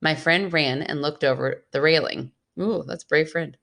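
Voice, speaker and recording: A woman's voice: low voice, moderate pace, gravelly, fairly bright tone. A woman co-hosting a podcast, reading a listener's ghost story aloud and teasing her sister. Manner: playful, teasing. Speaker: podcast co-host.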